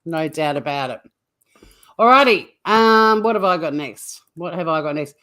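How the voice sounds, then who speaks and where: Woman co-host, low pitch, lively teasing storyteller. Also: normal speed. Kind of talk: casual comedic news chat.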